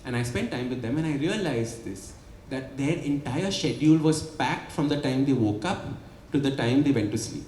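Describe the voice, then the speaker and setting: A man's voice: medium pitch, expressive, moderate pace, a little mellow. A man, an author and habit coach, explaining his ideas at a book launch and asking rhetorical "right?" questions. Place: event hall before an audience. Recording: echoey hall with light ambience.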